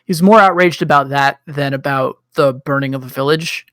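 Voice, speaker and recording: A man narrating a tabletop game as game master in a relaxed way, pausing often. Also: medium pitch, no echo, studio quality. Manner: relaxed, with frequent ums and pauses.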